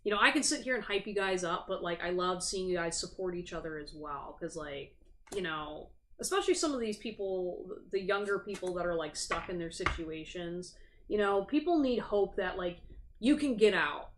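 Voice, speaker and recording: A woman's voice: on the low side, expressive, moderate pace, slight background noise. A woman hosting a tarot livestream, chatting casually, frank and sympathetic, swearing freely. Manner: sympathetic and sassy. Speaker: tarot reader and livestream host. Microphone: streaming setup.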